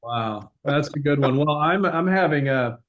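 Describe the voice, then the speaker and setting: A man hosting a podcast, talking in a relaxed, halting way with many fillers. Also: fairly high pitch, muffled recording. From United States. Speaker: podcast host. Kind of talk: casual chat.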